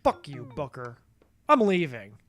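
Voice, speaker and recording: A man's voice: medium pitch, big pitch swings, a little slow, a bit bright, faint music behind. A tired man rambling through casual gameplay commentary on a stream, goofy and profane, talking mostly to himself. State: tired, yawning.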